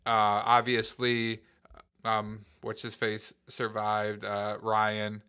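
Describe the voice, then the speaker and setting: A man on a podcast in casual movie talk, retelling scenes with animated energy and casual swearing. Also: lowish voice, slow, clean tone. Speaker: podcast co-host.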